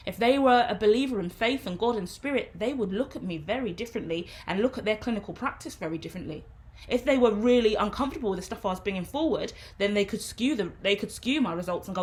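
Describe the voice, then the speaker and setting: A woman's voice: mid-range voice, fast. A woman, a tarot reader, talking frankly and loosely in a casual vlog monologue. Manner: frank, rambling, conversational.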